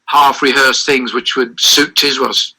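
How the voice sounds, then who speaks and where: A man's voice: medium pitch, fairly even intonation, measured pace, sharp tone, rough recording. An older man, giving an interview as a guest and telling long anecdotes with many restarts and self-corrections. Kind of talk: reminiscing interview over a call.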